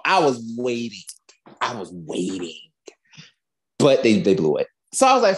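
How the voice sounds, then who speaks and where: A woman's voice: very deep voice, very animated, unhurried. A woman co-hosting a podcast in casual chat, telling a story in an emphatic, exasperated way. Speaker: podcast co-host.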